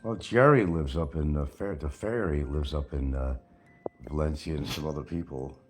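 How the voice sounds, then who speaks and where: A man's voice: extremely low pitch, moderate pace, noisy background. An older man hosting a casual livestream, rambling and sarcastic with frequent chuckles. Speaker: livestream host.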